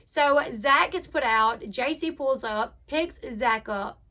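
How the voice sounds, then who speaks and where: A young woman with a high, bright voice talks through a reality show recap in a loose, chatty way. She gives her opinions freely and acts out what each person said, with plenty of fillers along the way. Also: takes it slowly. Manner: chatty, opinionated, retells scenes by acting out quotes. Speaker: reality TV commentary host. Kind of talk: casual recap commentary.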